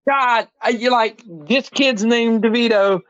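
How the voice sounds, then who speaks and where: A man, co-hosting a casual sports podcast, telling animated, profane stories and quoting himself. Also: very high voice, measured pace, clear, resonant tone, no echo. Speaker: podcast co-host. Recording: dull, dry lo-fi sound.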